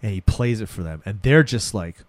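A man's voice: on the low side, fairly quick, no room sound. Casual man retelling a movie. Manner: animated retelling, acting out characters' lines. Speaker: podcast co-host recapping a film. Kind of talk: casual profane chat.

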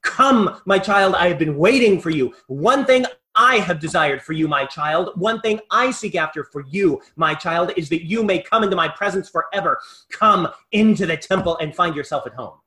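صوت الإله ينادي ابنه بحنان وإلحاح، يؤديه رجل واعظ، بنبرة مرتفعة قليلاً ونداء عالٍ متوسّل. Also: male voice, high voice, lively intonation, normal speed, bright, forceful tone, roomy sound. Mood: beckoning. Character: God calling to a child, loving, urgent.

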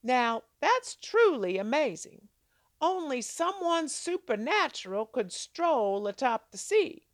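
A woman's voice: big pitch swings, slow, dry recording. A woman teaching a devotional Bible lesson, telling the story dramatically and asking her listeners rhetorical questions. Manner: acts out quoted lines with big pitch jumps. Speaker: Christian devotional speaker.

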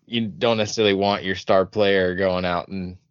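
A man's voice: deep voice, fairly even intonation, normal speed, smooth, no echo. A man being interviewed as a podcast guest, talking in a laid-back, rambling way full of fillers. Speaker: podcast guest, show creator. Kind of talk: casual podcast chat. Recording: dull lo-fi audio.

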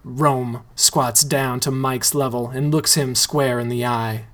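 Man, deadpan narrator, slow pace, mid pitch, comedic story reading. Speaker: story reader.

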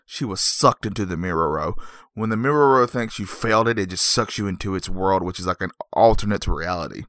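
A man with a low, forceful voice rambles through a casual movie recap on his podcast. He is wry and full of joking asides, and he keeps stopping to clear his throat. The sound is dry and close. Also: dry recording.

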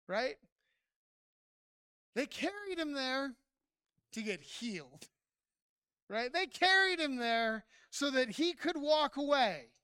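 A pastor preaching a sermon, speaking straight to the congregation with frequent "right?" and building to near-shouts at high points. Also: expressive, takes it slowly, long pauses, no room sound, clean studio sound.

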